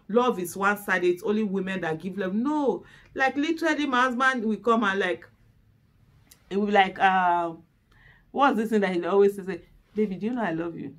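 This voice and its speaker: A woman with a Nigerian accent chatting candidly to the camera as host, openly emotional and laughing loudly. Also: medium pitch.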